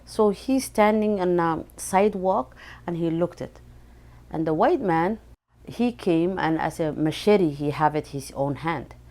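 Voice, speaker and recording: A woman telling her story in an interview, in halting, non-native English with many fillers and restarts, and with strong feeling. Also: on the low side, dark tone. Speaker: parent sharing her experience. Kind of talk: interview testimony.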